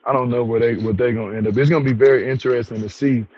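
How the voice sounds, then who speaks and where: A man's voice: medium pitch, fairly even intonation, very fast, a little mellow, highs cut off. A man hosting a casual review chat at home, talking in a laid-back, slangy way and chuckling often. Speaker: show review host.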